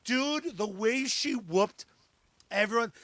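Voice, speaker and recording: Man, podcast host, high voice, bright tone, dry close sound, excitable cursing. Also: takes it slowly, dry recording. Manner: profane, excitable riffing. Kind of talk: casual chat.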